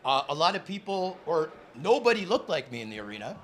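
This podcast host is a young man whose voice runs a little high and a little fast. Taping live from a sports bar studio, he builds up his guests in an excitable, announcer-style way and later turns earnest.

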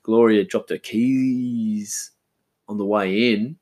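A man's voice: lowish voice, fairly even intonation, slow, a little mellow. Laid-back Australian man rambling at home. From Western Australia. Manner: rambling, laid-back, swears casually, says man a lot. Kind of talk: casual solo chat. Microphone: omnidirectional mic.

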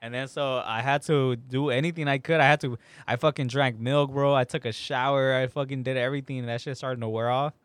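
A man's voice: mid-range voice, fairly even intonation, a little fast, few pauses, clean tone, dry recording. A young man in casual podcast chat, telling a story with lots of slang and swearing and acting out what people said.

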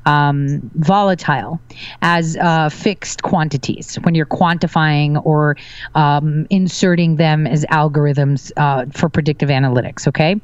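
A woman's voice: sits low, clean tone, no room sound, muffled recording. A woman guest on a talk show, speaking in casual chat with assertive, confident claims.

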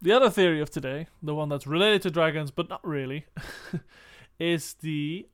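A man with a slightly raised pitch walks through a piece of fantasy lore in casual chat. He explains patiently, reads quoted passages aloud and laughs easily between points. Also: normal speed. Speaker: podcast co-host.

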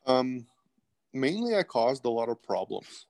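A man's voice: medium pitch, very animated, measured pace, gravelly, darkish tone. A middle-aged man, a guest telling candid stories in a rambling way, full of restarts and asides. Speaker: podcast guest. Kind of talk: casual interview storytelling.

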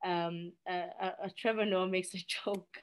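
A woman's voice: lowish voice, fairly even intonation, normal speed, smooth. A woman from South Africa with a South African accent, answering interview questions in an earnest, upbeat way with many fillers. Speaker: guest, youth sports program coach.

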